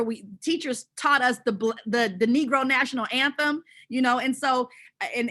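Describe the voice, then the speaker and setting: A woman from Southern California, a panelist telling a personal story in an animated, conversational way with many fillers and restarts. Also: on the high side.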